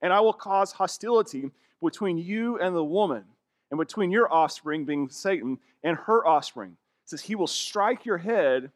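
A man's voice: on the high side, lively intonation, moderate pace, no echo, clean studio sound. A man preaching a sermon as a pastor, reading scripture and explaining it in a conversational, emphatic way.

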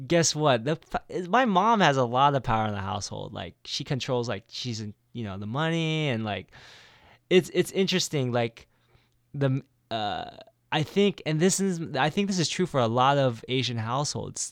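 A man's voice: mid-range voice, vocal fry, no room sound, clean studio sound. A man co-hosting a podcast in casual chat, rambling with many fillers and restarts. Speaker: podcast co-host.

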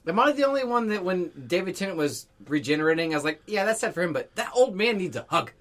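A man's voice: high voice, big pitch swings, fast, fairly bright tone. A man in casual chat, blunt and joking, swearing freely.

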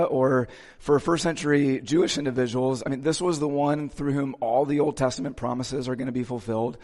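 A man's voice: mid-range voice, a little mellow, in a large hall. A male pastor giving a conversational sermon in a church, casually checking in with his listeners as he goes.

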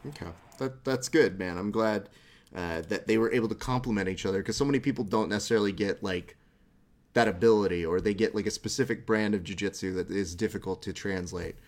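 A man hosts an interview and asks his questions in a relaxed, supportive way. His voice sits fairly low. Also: fairly quick. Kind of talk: casual interview.

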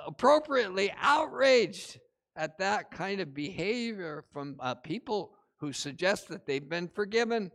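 A male pastor preaching a sermon, retelling a parable with animated emphasis and frequent "uh" fillers. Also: high-pitched. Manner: many "uh" fillers, animated storytelling with rising emphasis.

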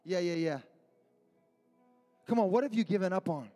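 A young man preaching a youth sermon in a slangy, repetitive style, building to shouted refrains. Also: high-pitched, normal speed, faint music behind. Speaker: youth pastor. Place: youth service gathering.

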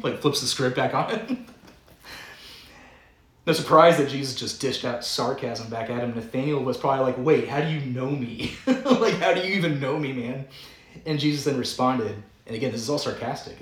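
A man's voice: medium pitch, fairly bright tone, echoey room, poor audio. A man preaching a sermon as pastor, in a conversational, playful way that often breaks into chuckles. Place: church sanctuary.

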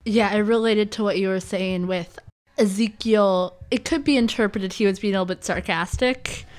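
A woman's voice: mid-range voice, fairly even intonation, moderate pace, darkish tone. A woman talking candidly and with self-deprecating humor in a casual faith conversation.

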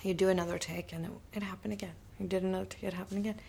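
A woman's voice: medium pitch, fairly even intonation, racing, creaky, a little mellow, husky. A woman actor and director, reflecting in conversation and acting out remembered dialogue with animation.

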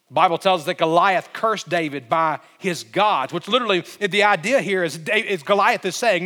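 A man preaches a sermon, retelling the story dramatically and pushing to emphatic climaxes. His voice sits high for a man. A long reverb fills the church sanctuary around him. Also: moderate pace, hardly any pauses, sharp tone. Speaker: pastor.

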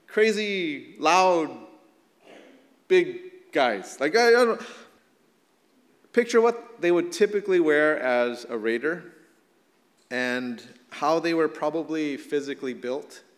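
Animated male preacher in a reverberant hall. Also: on the high side, slow, pauses often. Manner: animated, casual, lots of fillers. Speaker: pastor. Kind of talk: sermon.

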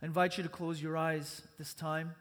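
A man's voice: on the high side, level tone, moderate pace, fairly bright tone. A man preaching a sermon as pastor, earnest and conversational, speaking in a church sanctuary. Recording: long church reverb.

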